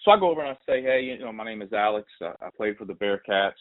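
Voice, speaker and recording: A man hosting a sports podcast, telling a story in a lively, casual way and acting out the voices he quotes. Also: on the low side, racing. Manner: animated, acts out quoted voices. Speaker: podcast host. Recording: tinny phone-like audio.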